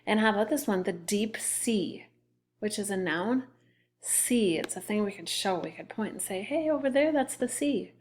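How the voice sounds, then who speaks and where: A woman's voice: medium pitch, moderate pace, a little hiss or hum. A woman teacher giving a recorded phonics lesson to second graders, patiently sounding out words letter by letter.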